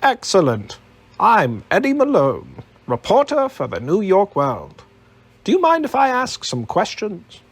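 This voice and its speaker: A brash, friendly male reporter in a storybook reading, put on by a man, pushing his voice well above his own natural register. Eager questions climb steeply upward, and a gravelly, husky grain still shows through beneath the brightness. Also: high-pitched, huge pitch swings, a little slow, voice pushed up, full character voice. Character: eager talkative male American newspaper reporter. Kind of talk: audiobook character voice.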